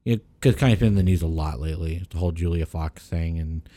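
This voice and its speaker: A man with a lowish, mellow voice talks loosely on a podcast, rambling and cursing freely. The sound is dry and close, with no room around him. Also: quick pace, no echo. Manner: rambling, profane, animated when ranting. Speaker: podcast co-host. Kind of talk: casual chat.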